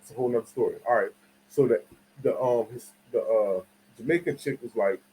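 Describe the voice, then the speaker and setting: A man's voice: medium pitch, a little fast, dark tone, slight background noise, low-quality recording. A man hosting his own channel, telling stories in a casual, slangy commentary that rambles and restarts and keeps checking that listeners follow. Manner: asks the audience for agreement. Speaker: channel host.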